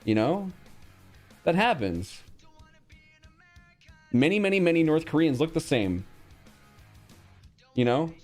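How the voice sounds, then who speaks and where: A man's voice: fairly high pitch, sing-song, slow, pauses often, darkish tone, faint music behind. A young man streaming casually, reacting bluntly to a quiz with frequent swearing and reading out chat.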